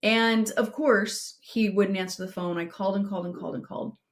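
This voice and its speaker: A woman's voice: mid-range voice, fairly even intonation. A middle-aged woman co-hosting a podcast, giving direct advice and telling a painful personal story in an earnest way. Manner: earnest, direct, slows down for emphasis. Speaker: podcast co-host.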